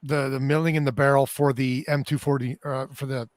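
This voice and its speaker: A male podcast host with a mid-pitched voice asks his questions haltingly, full of fillers. The sound is dry and close, with no room echo. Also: little pitch movement. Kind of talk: casual panel chat.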